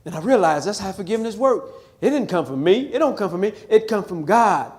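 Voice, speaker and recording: A man's voice: high-pitched, very animated, fairly quick, a little mellow. A man of around sixty from Missouri, a pastor giving a live testimony talk in a chapel with emphatic, preacher-like storytelling. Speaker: pastor telling his life story.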